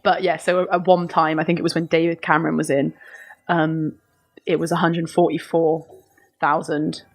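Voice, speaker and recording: A woman's voice: sits low, little pitch movement, normal speed. A woman co-hosting a podcast in casual chat, hesitant with many ums and frequent laughs. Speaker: podcast co-host.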